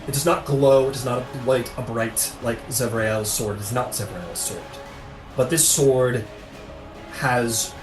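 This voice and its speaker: A man's voice: mid-range voice, far from the mic. A man narrating a tabletop game as game master, rambling with many fillers. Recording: echoey room, music behind.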